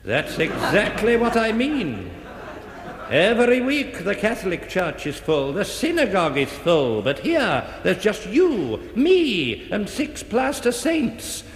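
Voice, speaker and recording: An actor playing a fretful middle-aged vicar in a radio comedy sketch, pleading and anxious. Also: male voice, high-pitched, huge pitch swings, slow pace, roomy sound, long reverb tail, slight background noise, exaggerated voice.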